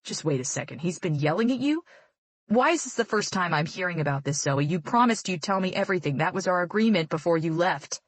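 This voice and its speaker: A woman's voice: lowish voice, expressive, a little fast, no echo. A woman doing a loving, protective dad. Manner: gentle but firm. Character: protective, loving middle-aged father on the phone.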